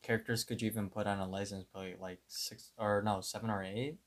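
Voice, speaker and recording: A man's voice: fairly low pitch, flat delivery, fairly quick. A man co-hosting a podcast, recapping a cartoon episode in a hesitant, restarting way. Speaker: podcast co-host.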